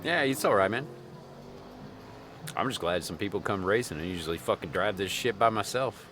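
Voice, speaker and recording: A man's voice: lowish voice, animated, normal speed, a bit bright, slight background noise. A man with a put-on Southern US accent, streaming a racing sim and swearing and joking casually as he drives. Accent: put-on Southern US drawl. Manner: profane, joking, rambling. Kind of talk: casual live-stream commentary while racing.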